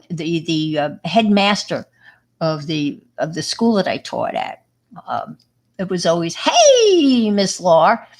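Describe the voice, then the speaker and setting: Middle-aged woman, New York accent, slightly low voice, loose rambling livestream host. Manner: chatty, rambling, full of fillers and restarts. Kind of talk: casual chat with viewers.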